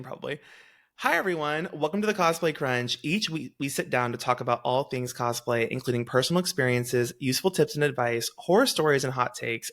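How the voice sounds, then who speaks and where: Bright giggly podcast host with Valley-girl-New York accent. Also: on the high side. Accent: mix of Valley girl and New York. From Texas. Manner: giggly, chatty, stumbling over words. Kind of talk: casual podcast chat.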